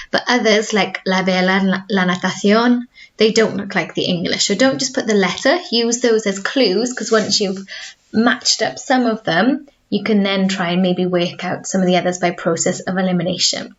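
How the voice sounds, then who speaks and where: A woman's voice: mid-range voice, muffled recording. Patient Welsh woman teaching online. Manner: clear, patient explaining with repeated model words. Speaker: school language teacher. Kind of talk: recorded video lesson.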